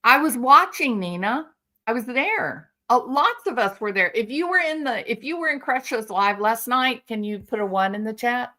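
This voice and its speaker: The voice belongs to a woman hosting a commentary channel: on the high side, sharp, with lively intonation at a normal speed. In this indignant monologue she sounds outraged and sarcastic, speaking directly to the one she criticizes.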